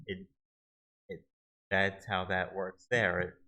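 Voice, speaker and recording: A man walking viewers through a website search tool in a halting, casual screen-recorded tutorial, often restarting his sentences. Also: sits low, flat delivery, bright, forceful tone, poor audio. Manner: halting, many restarts and fillers. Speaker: video tutorial host.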